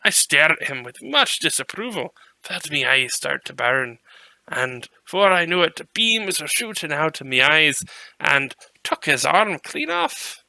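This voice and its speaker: A man's voice: fairly high pitch, big pitch swings, unhurried, gravelly, bright, forceful tone, dry recording, full character voice. A man voicing Poro, a cheeky male mutant reindeer who spins a rambling tale in a put-on Scottish-style brogue. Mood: boastful yarn. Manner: chatty, folksy, rolls through a tall tale. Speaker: player. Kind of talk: in-character tabletop storytelling.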